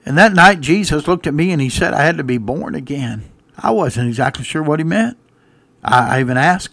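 A man preaching a sermon, acting out the stories of people Jesus helped in first-person monologues, swinging from loud to hushed. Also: a little high, animated, normal speed, creaky, no echo. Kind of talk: dramatic sermon with character monologues.

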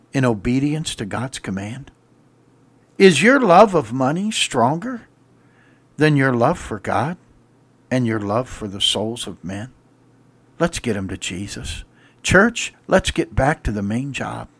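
A middle-aged male pastor preaching a radio sermon with rhetorical questions and repeated refrains, swelling to loud emphatic peaks. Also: mid-range voice.

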